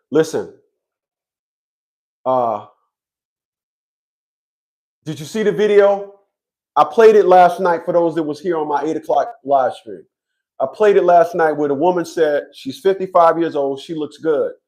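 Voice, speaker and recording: A man's voice: a little high, a little slow, pauses often, mellow. A man giving a blunt, profane monologue to his viewers, often stammering and restarting his sentences. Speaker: online commentator on child support.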